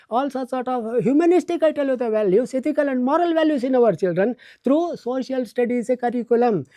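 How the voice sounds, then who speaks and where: Man lecturing slowly with "I tell you" fillers. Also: very high-pitched, warm tone, no echo. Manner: repeats the filler "I tell you" and lists words one by one; slow and deliberate. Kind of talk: educational lecture.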